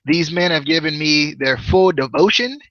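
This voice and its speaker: A man impersonating a menacing wrestler giving a slow, drawling threat. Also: a little high, fairly bright tone, dry recording, dull audio, lightly acted. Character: menacing wrestler cult leader, grown man, gruff.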